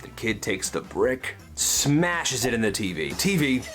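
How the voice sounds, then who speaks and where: Animated man telling funny stories. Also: medium pitch, a little slow. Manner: animated, switches into character voices. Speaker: storyteller. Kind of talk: comedic story narration with voiced characters. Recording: music playing behind.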